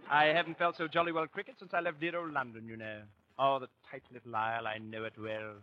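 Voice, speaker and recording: A man's voice: sits high, very animated, unhurried, lo-fi sound. A man hamming up a pompous toff Englishman. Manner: blustering, full of posh slang. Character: pompous fake upper-class Englishman, man. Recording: old radio broadcast, hiss.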